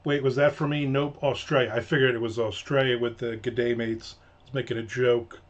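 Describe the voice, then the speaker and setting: A man's voice: mid-range voice, little pitch movement, brisk. A man from the United States chatting casually on a livestream, rambling and joking as he reads viewer comments, trailing off and restarting often. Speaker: livestream host. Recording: slightly dull lo-fi home mic.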